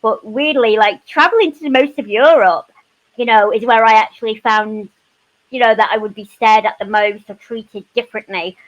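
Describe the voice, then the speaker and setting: A woman's voice: on the high side, normal speed, dull audio. A woman, a panel guest telling her stories in a casual chat with lots of "you know" asides. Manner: animated storytelling, frequent "you know" asides.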